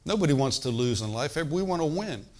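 Speaking briskly and expressively in a slightly high voice, this older man is a pastor delivering a sermon. He keeps it easygoing and talky, frequently turning to the congregation with call-and-response remarks.

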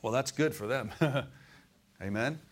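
A middle-aged man preaching a sermon in church, folksy and animated, chuckling often and calling out for amens. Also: medium pitch, slow pace.

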